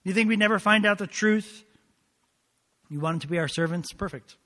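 An exasperated ancient leader scolds a band of tricksters in a sarcastic, disbelieving tone, as a preacher acts him out. He sits a touch higher than a plain speaking voice. The lines ring out in a long hall echo. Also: fairly even intonation, a little fast, a bit bright, natural voice. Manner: sarcastic, incredulous.

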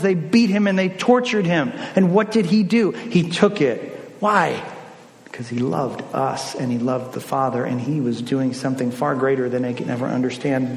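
A man preaching a sermon, swinging between emphatic lines and hushed ones. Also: a little high. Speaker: pastor. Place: church sanctuary. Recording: long church reverb.

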